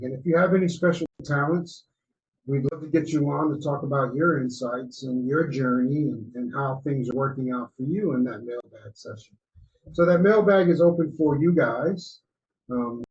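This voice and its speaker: A man co-hosting a podcast, giving relaxed, mentoring advice in a casual chat. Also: medium pitch, normal speed, vocal fry, muffled recording. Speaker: podcast co-host.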